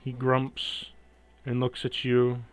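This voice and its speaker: A man running a tabletop game as game master, narrating the scene slowly and dramatically and asking for rolls. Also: medium pitch, completely flat delivery, slight background noise. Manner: slow, dramatic descriptive narration.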